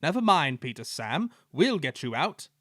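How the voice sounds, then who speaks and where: A man's voice: on the high side, very animated, moderate pace, fairly bright tone, no echo, studio quality. A man voicing a hearty, helpful male diesel engine in a storybook reading, with a bluff manner.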